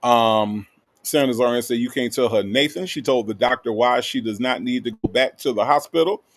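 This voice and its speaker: Male stream host, gravelly mid-range voice, laid-back, reads chat with drawn-out hellos. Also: medium pitch. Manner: drawling, repeats greetings, playful asides. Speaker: livestream host. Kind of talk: casual livestream chat reading viewer comments.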